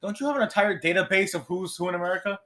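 A man's voice: sits high, very fast, sharp tone. A man co-hosting a casual podcast, talking in a hesitant, rambling way. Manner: hesitant, rambling with fillers and restarts. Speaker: podcast co-host. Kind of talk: casual chat.

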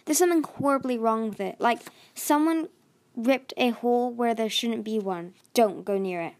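A woman's voice: fairly high pitch, moderate pace, a little mellow, natural voice. A woman voicing an anxious, bookish male dragon who frets and lectures, in a storybook reading. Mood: uneasy. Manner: fretful, lecturing.

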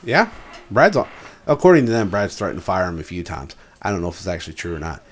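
Venting about work on a podcast he co-hosts, this man talks bluntly and casually with lots of profanity. He has a low voice and a quick, very animated delivery.

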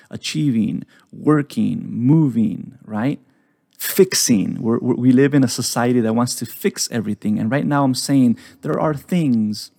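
A man hosting a psychology podcast, explaining ideas slowly and often checking in with "right?". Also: medium pitch, creaky, dark tone, no room sound, clean studio sound. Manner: explains slowly, repeats key phrases, tags lines with "right?". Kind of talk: relaxed teaching talk.

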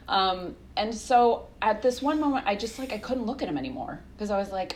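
A woman in her thirties, a guest telling lively stories in casual conversation, laughing often and acting out quotes. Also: mid-range voice, normal speed, a little hiss or hum. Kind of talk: casual interview storytelling.

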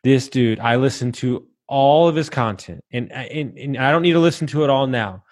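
A man's voice: mid-range voice, moderate pace, a little mellow, no room sound. A man in his thirties, a podcast host, telling his personal story candidly and bluntly, swearing freely and restarting his sentences. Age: 30s.

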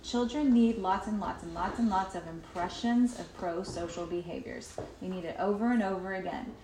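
A woman's voice: medium pitch, normal speed, mellow. A woman giving a parenting workshop in a chatty way, with many fillers, acting out what children say. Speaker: workshop presenter. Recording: roomy echo, faint noise.

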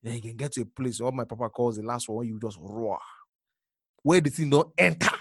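A male preacher giving a sermon, repeating phrases and swinging from hushed murmurs to sudden loud exclamations. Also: medium pitch, fast, no echo, studio quality.

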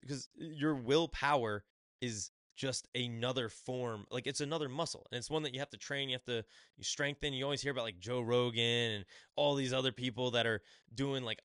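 A man's voice: mid-range voice, pushed and bright, no room sound, studio quality. A man hosting his own podcast, reviewing a book in casual chat and acting out little quotes as he rambles. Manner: rambling, acts out quotes in quick asides. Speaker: podcast host.

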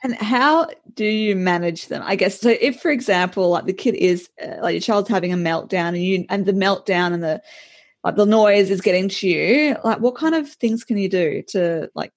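A woman's voice: mid-range voice, normal speed, no echo. A woman interviewer asking long, rambling questions with many fillers and restarts. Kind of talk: conversational interview.

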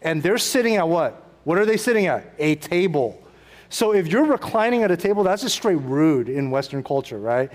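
High-voiced preacher in an echoing hall. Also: male voice, normal speed. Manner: conversational, animated, acts out quotes with asides. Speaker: pastor. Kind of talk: sermon.

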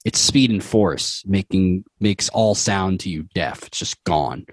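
A man's voice: sits low, unhurried, no room sound. A young adult man narrating a tabletop game as game master, vivid and prone to laughing.

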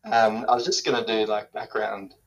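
A man with a somewhat low voice who speaks with halting hesitation and takes his partner's jokes at face value. His delivery is dry and deadpan, and he is heard over a remote call. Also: low-quality recording. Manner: hesitant, deadpan, literal-minded. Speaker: co-host. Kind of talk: casual comedic chat.

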